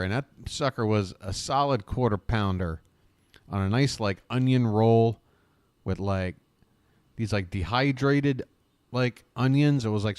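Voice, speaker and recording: A man's voice: mid-range voice, dry recording. Chatty American man hosting a live stream. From United States. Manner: rambling, chatty, talks to the chat by name, swears casually. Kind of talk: casual chat with live viewers. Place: home abroad, living in Bangkok.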